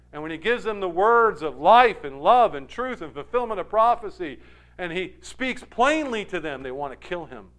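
Scottish preacher guy, high voice that jumps all over, emphatic storytelling. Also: a bit bright. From Scotland. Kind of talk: sermon.

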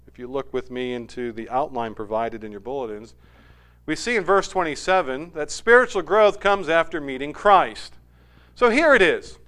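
A male pastor reading scripture and preaching a sermon, telling stories animatedly and building to loud, emphatic peaks. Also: high-pitched, clear, resonant tone.

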